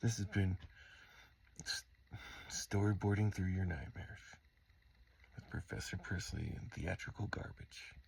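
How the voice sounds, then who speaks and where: A man's voice: low voice, fairly even intonation, a little slow, gravelly, pauses often, a little mellow, husky. A tired man hosting a late-night tutorial, rambling and self-mocking, often sinking into a mumble. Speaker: host.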